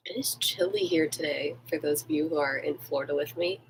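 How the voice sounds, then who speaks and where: A woman fitness instructor with a sleepy voice, calmly guiding a gentle stretching class. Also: low voice, brisk, a little hiss or hum, poor audio. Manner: gentle, calm cueing. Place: at home in Florida.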